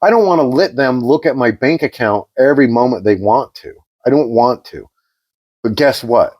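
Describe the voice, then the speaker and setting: A man co-hosting a podcast, chatting casually and telling an animated story, acting out the quoted exchanges. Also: medium pitch, normal speed. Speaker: podcast co-host.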